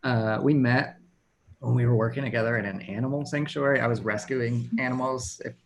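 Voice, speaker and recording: A man's voice: mid-range voice, a little fast, vocal fry, slight background noise. A man in his thirties from Texas doing a stand-up set over a video call, self-deprecating and laughing at his own jokes. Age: 30s. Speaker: stand-up comedian.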